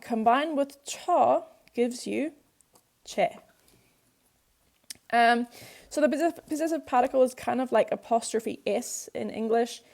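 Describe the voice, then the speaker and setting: A woman's voice: on the high side, normal speed, gravelly, darkish tone. A woman teaching a Korean grammar lesson, patiently explaining each point step by step with simple examples.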